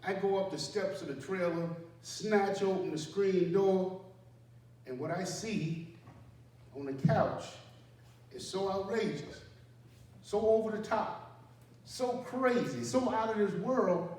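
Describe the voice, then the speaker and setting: A man, a former army sergeant, telling a personal story live in a casual, self-deprecating way. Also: mid-range voice. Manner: conversational, self-deprecating, acts out panicked dialogue with sharp rises. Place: indoor room at a community center. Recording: very echoey room, mic far off, faint noise.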